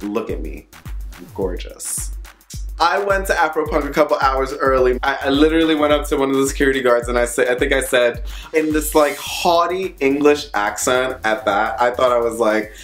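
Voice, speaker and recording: A sassy young man telling a comic story to camera, animated and profane. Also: medium pitch, fairly quick, reverberant, faint music behind. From Brooklyn, USA. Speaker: vlogger host. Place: bathroom.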